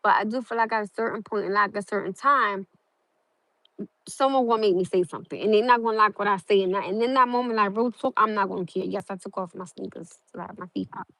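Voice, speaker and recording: A woman's voice: mid-range voice, fast talker, vocal fry, bright, forceful tone, no echo, poor audio. A young woman chatting casually to her livestream viewers outdoors on a phone, full of fillers and calling them y'all. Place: outdoors in hot sun near water.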